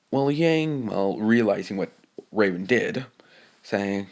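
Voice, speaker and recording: A man's voice: lowish voice, expressive, slow pace, a little mellow. A man improvising a fan-fiction story, hesitant and rambling, full of fillers and restarts, reading the characters' lines in his plain voice.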